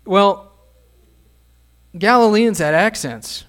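A male pastor preaching a sermon in an easy, conversational manner, often turning to ask his listeners questions. His voice sits a bit higher than most men's. He sounds middle-aged. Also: slow, fairly bright tone.

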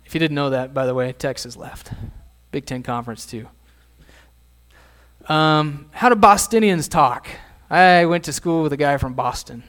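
A man's voice: a little high, normal speed, a bit bright. A middle-aged man, a pastor, preaching a sermon in a conversational way and asking his listeners questions.

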